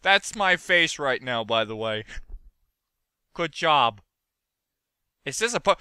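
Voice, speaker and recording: An excitable man narrates his own gameplay with a very animated, swooping pitch. His voice has a piercing, sharp edge. He chats to the characters on screen and yelps and curses when things go wrong. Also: measured pace, long pauses, clean tone, dry recording. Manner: excitable, yelping and cursing at the game; talks to himself and the characters on screen. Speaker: gaming video host. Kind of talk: let's play commentary.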